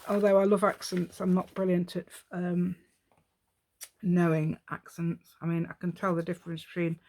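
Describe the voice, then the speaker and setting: A woman giving a chatty craft demonstration at home, rambling and talking to herself while she works. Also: on the low side.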